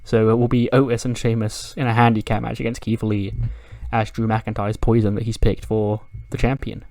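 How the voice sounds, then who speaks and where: A man's voice: on the low side, little pitch movement, moderate pace, darkish tone, no echo. A man casually recapping a wrestling simulation game in a loose, chatty way, swearing offhand. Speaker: game video creator.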